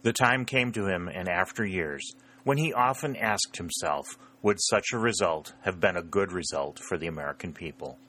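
A man narrating a historical novel in a steady, measured reading. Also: deep voice. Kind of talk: storybook narration.

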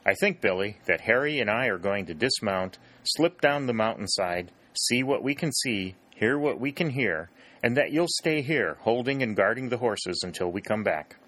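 A man's voice: fairly low pitch, lively intonation, moderate pace, fairly bright tone. A man reading an audiobook, voicing a patient young soldier who talks in a soothing, reasoning way. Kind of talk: audiobook character voice.

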